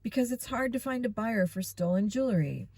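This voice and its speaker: A woman's voice: fairly high pitch, lively intonation, fairly quick, warm tone, slightly rough, dry recording. A woman voicing a level-headed teenage boy detective who explains things patiently, in a storybook reading. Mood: calm.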